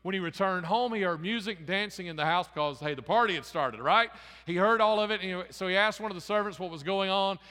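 A man's voice: high-pitched, fast talker, sharp tone. A man preaching a sermon, retelling a parable in a conversational, storytelling way with frequent restarts and repeated words. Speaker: pastor. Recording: long hall reverb.

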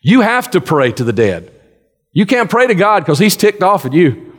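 A man's voice: sits high, very animated, normal speed, husky, long reverb tail. A man preaching a sermon in a folksy, conversational way, often restarting his sentences. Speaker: pastor.

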